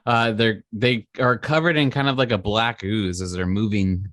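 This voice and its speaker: A man running a tabletop game as game master, with a quick, easygoing manner. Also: lowish voice, steady tone, fairly bright tone, no echo.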